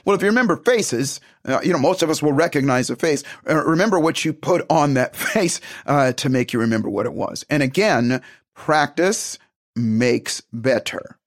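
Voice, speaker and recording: A man giving a motivational self-help talk, emphatic and animated, acting out little conversations as he goes. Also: on the high side, a little fast, hardly any pauses.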